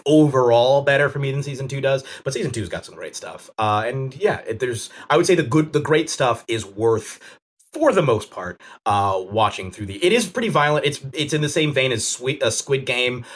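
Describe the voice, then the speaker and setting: Animated young guy chatting on a podcast, voice jumps all over, laughs while talking. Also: medium pitch, normal speed. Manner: animated, often laughing mid-sentence. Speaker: podcast guest, actor. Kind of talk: casual chat.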